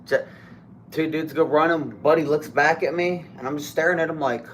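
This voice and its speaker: A young man from Ohio, co-hosting a podcast, telling a story in a casual, animated, profane way. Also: a little high, a little fast, a little hiss or hum. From Toledo, Ohio. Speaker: podcast co-host. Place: podcast studio.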